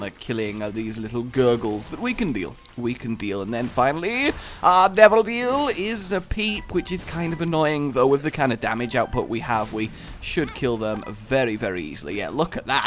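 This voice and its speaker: A man giving casual gameplay commentary, rambling into playful tangents and jokes, with frequent stammered restarts. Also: mid-range voice. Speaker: video game commentator.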